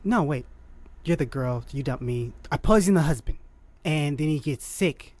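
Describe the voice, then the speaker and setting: A woman co-hosting a casual podcast chat, her pitch swinging widely as she spins an animated story. She acts out little scenes and laughs often. The recording is close and dry. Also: moderate pace, no room sound. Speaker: podcast co-host.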